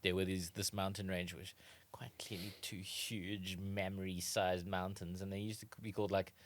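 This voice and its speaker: A man's voice: deep voice, level tone, moderate pace. A man with a South African accent co-hosting a comedy podcast, laying out trivia with dry, wry asides. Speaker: podcast co-host. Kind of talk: casual comedy chat.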